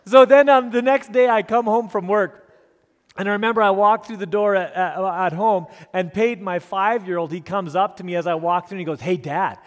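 A man's voice: high voice, fairly quick. A middle-aged male pastor giving a storytelling sermon, earnest and self-deprecating, with frequent restarts. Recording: long hall reverb.

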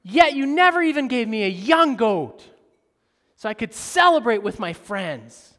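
A man's voice: extremely high pitch, very animated, unhurried, fairly bright tone, voice pushed up, full character voice. A man voicing a resentful, dutiful older son who demands what he thinks he is owed, in a raised, indignant voice. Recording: reverberant hall.

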